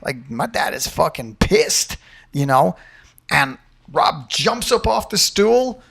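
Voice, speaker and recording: A man, a fight coach and podcast host, telling an animated, profane story casually. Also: a little high, takes it slowly, vocal fry. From Ireland.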